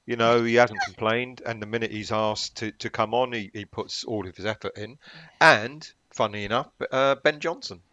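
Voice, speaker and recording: Man, podcast guest, casual football chat, measured, dry close sound. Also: medium pitch, pushed and bright, no room sound, highs cut off.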